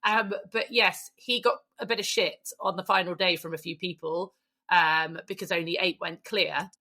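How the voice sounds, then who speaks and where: Woman, podcast co-host, bright edge, chatty and laughing. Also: lowish voice, fairly even intonation, normal speed. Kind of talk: casual chat.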